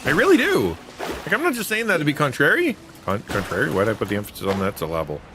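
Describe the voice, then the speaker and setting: Talking fast with wildly swooping pitch in a medium voice, a man streams a video game as host. He chats playfully with his audience and teases himself, giving casual live commentary over game music.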